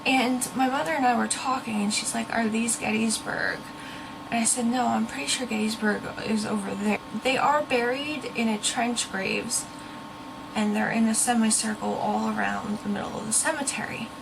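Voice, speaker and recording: A woman's voice: a little high, steady tone, normal speed, vocal fry, background noise. A young woman talking earnestly and casually to her viewers, now and then stopping to search for a word. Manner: chatty, earnest, searches for words. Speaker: ghost-hunting vlogger. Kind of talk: casual talk to camera.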